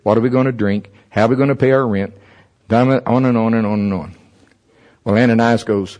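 A man's voice: medium pitch, normal speed, pauses often, a little mellow. A man preaching a sermon at a church service, conversational and humorous, asking many rhetorical questions.

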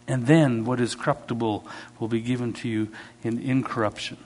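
A man preaching a sermon as a pastor, telling stories with sudden swings in pitch and loudness. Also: steady tone, moderate pace.

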